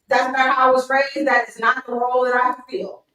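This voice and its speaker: A woman in casual chat, talking in an animated, playful way. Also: sits high, moderate pace, distant mic. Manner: animated and playful, laughs often. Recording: echoey room, away from the mic.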